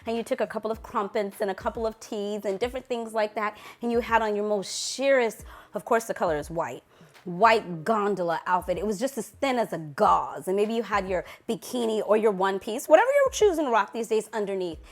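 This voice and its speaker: A woman's voice: mid-range voice, lively intonation, fairly quick. A young woman reviewing perfumes in a casual vlog, gushing and playful, lingering over sensual words. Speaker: fragrance reviewer.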